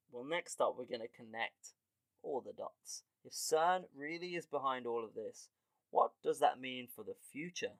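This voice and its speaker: Here a podcast host riffs through a loose comedic monologue, lively and quick to laugh, dropping swear words casually. He has a mid-range voice captured dry and close, with no room sound at all.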